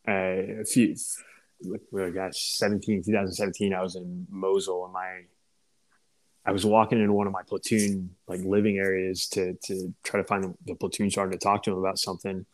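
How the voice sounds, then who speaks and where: A low-pitched man spins an army anecdote in a relaxed, profane way. He slips into the voices of the people he quotes as he tells it. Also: a little fast, low-quality recording. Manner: laid-back, swearing, acts out quoted voices. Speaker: veteran first sergeant. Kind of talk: casual podcast storytelling.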